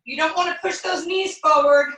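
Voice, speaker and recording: A woman fitness coach giving energetic step-by-step workout cues and counting out the moves. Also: very high-pitched, moderate pace. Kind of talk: guided workout instructions. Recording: echoey room, distant from the mic.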